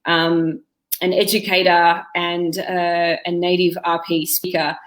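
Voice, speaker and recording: Woman, director, hosts Q&A, reads questions, answers, lowish voice. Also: level tone, slow. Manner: reads questions aloud and answers them herself. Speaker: director and host. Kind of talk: live Q&A.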